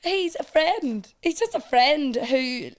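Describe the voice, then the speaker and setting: An Irish woman talking as a podcast guest about running a competition page, chatty and animated, laughing often. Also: high voice, slow pace. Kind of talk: casual chat.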